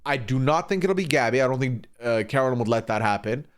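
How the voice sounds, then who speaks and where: This streamer's voice is mid-range, clear and resonant, and he speaks fast. Swearing without restraint, he gives a casual, opinionated rundown of a reality show and performs the quoted lines with lots of energy.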